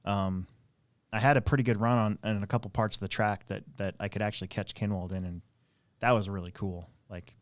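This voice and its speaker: Low-voiced man telling rambling stories. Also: fairly even intonation, fairly quick, dry recording. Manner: rambling anecdotal storyteller, many fillers. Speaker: host and RC track operator. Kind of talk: casual live-stream chat.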